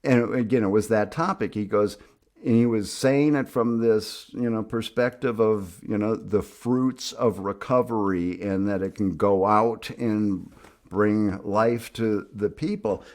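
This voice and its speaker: Animated man telling a personal story. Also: on the low side, measured pace. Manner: animated, emphatic, acts out quoted speech. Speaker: speaker on youth addiction treatment.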